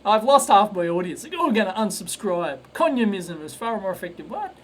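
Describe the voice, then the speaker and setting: Soldering live on stream, this Australian man talks fairly quickly in a high, sing-song voice, with a little hiss or hum in the recording. The electronics host is rambling and blunt, constantly restarting and repeating himself with stammers.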